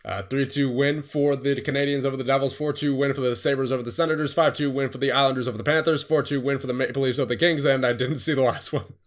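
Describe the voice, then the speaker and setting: A man's voice: medium pitch, steady tone. Young man rattling off game scores. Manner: rattles off scores in quick bursts, then laughs at himself. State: voice getting tired. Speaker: gaming streamer. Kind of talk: casual game commentary.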